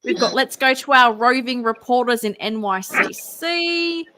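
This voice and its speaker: High bright woman chatting. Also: lively intonation, a little slow. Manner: chatty, laughs easily, reads viewer comments. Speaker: live stream co-host. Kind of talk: casual live-stream chat.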